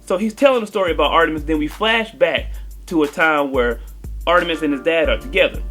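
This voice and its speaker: A man's voice: on the high side, a little fast, a bit bright, soft background music. A man giving a comedic movie review, talking in a joking, slangy way.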